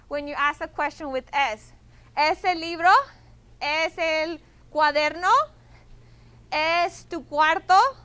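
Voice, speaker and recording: A woman with a high, sharp voice teaches a Spanish class patiently. She repeats things and keeps checking that students follow by asking "okay?"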